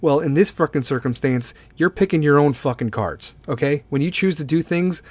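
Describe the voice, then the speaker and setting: A man's voice: fairly high pitch, normal speed, a little mellow, no echo. A man hosting a casual solo podcast, talking bluntly and swearing a lot as he gives his opinions. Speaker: podcast host.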